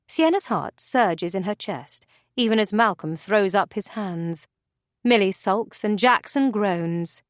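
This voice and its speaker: A woman narrating an audiobook in an expressive, measured way. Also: medium pitch, no room sound, clean studio sound.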